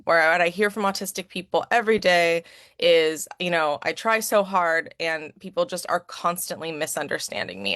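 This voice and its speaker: A woman's voice: mid-range voice, fairly bright tone, no room sound, studio quality. A woman who is an advocate and educator giving a conversational presentation, often checking in with "right?". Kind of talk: presentation talk with slides.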